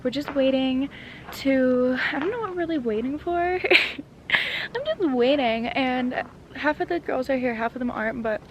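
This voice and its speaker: Bubbly high-voiced young woman vlogging. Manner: bubbly, chatty, laughs often, lots of "like". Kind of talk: casual vlog chat to camera. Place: hotel room and rented house, indoors. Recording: noisy room ambience.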